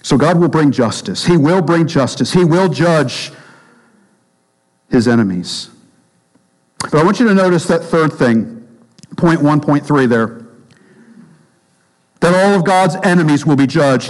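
A man preaching a sermon as pastor, emphatic, repeating phrases and dropping low and slow for stress. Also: lively intonation, big-room sound, poor audio.

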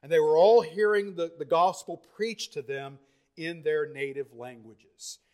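A male preacher with a notably high voice delivering a sermon. He speaks with fervor, often repeating words and restarting phrases, and swings between quiet, low passages and loud, emphatic peaks. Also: measured pace.

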